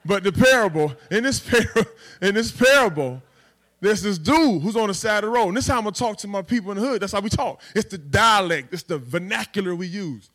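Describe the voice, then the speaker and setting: Man, pastor, dynamic streetwise sermon, slightly high voice. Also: expressive, fairly quick. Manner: dynamic preaching in street vernacular, swinging from loud to hushed.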